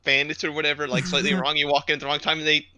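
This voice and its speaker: A man's voice: on the high side, completely flat delivery, very fast, sharp tone, clear, resonant tone, dry recording. A young man co-hosting a casual gaming podcast, making matter-of-fact remarks and corrections. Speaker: podcast co-host. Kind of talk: casual chat.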